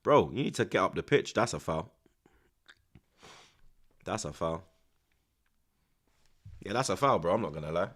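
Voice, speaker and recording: A young man giving excitable, slang-heavy live commentary on a football match, dropping to hushed mutters and bursting into loud outbursts. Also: low-pitched, moderate pace, pauses often, husky. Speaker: football watch-along streamer.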